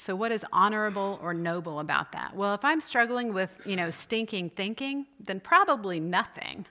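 A woman's voice: mid-range voice, sharp tone. A woman giving a conversational church lecture on spiritual disciplines, asking her listeners questions as she teaches. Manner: conversational, asks the group questions.

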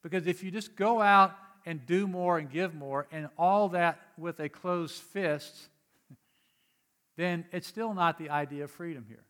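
A man preaching a sermon in a conversational way, moving from quiet explanation to emphatic urging. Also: a little high, a little slow. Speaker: pastor.

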